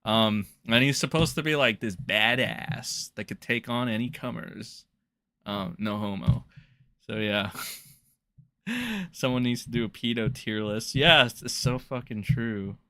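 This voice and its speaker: A man streaming live with a bright, clear voice at a middle pitch. He talks in casual, rambling commentary, blunt and loaded with swearing. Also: measured pace. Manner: profane, blunt, loose and rambling. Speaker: streamer reacting to drama.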